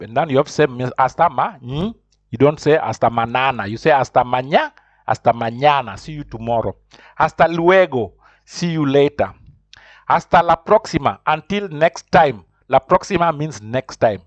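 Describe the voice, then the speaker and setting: A man teaching a beginner language lesson, who halts and restarts often, checks in with "huh?" and slowly models phrases for learners to repeat. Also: medium pitch, no room sound. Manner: halting, with many restarts and repeated words. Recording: dull, lo-fi dry recording.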